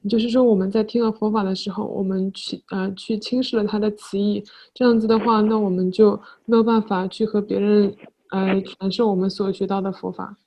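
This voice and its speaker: Mellow-voiced woman interpreting. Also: mid-range voice, flat delivery, brisk. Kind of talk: consecutive interpreting.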